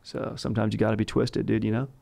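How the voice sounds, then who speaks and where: A man hosts a comedic history podcast. His voice is low and gravelly with plenty of fry. He rambles, swears freely and drops slang constantly. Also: flat delivery, quick pace, mellow, no echo. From Southern California. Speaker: podcast host.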